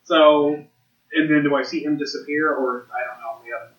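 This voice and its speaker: A man's voice: a little high, fairly even intonation, fairly quick, a bit bright. A man playing a tabletop game, chatting casually and asking lots of questions. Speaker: player. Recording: roomy, dull lo-fi recording.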